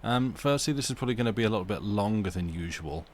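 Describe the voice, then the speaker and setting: Chatty low-voiced man hosting a stream. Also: expressive, quick pace. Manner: rambling, self-interrupting, chatty. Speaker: livestream host reading stories aloud. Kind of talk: casual chat with live chat. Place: home.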